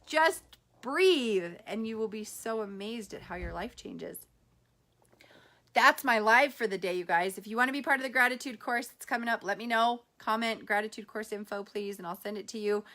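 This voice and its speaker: A woman's voice: mid-range voice, a little fast, pushed and bright. Chatty upbeat woman on a live stream. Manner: upbeat, chatty, lots of fillers and quoted dialogue. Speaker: spiritual healer hosting a live stream. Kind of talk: casual live-stream chat.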